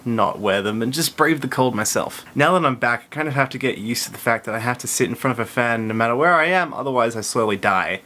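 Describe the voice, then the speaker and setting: A man's voice: medium pitch, expressive, fast, hardly any pauses, pushed and bright. A young man talking alone in his bedroom in a playful, exclamatory vlog monologue. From Perth, Australia. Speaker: vlogger.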